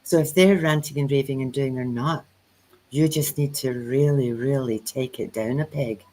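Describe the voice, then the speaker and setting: A woman's voice: rumbling low, normal speed, a little hiss or hum, low-quality recording. A woman co-hosting a spiritual chat, telling stories in a casual way and acting out the dialogue she quotes. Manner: animated storyteller who acts out quoted dialogue.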